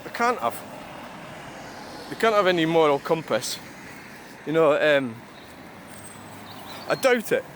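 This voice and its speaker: A man's voice: fairly high pitch, big pitch swings, slow, pauses often, a bit bright. A man rambling and grumbling as he vlogs beside a busy roundabout, swearing freely. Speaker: truck-spotting vlogger. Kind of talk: casual rambling monologue. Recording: outdoor traffic noise. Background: passing cars and trucks.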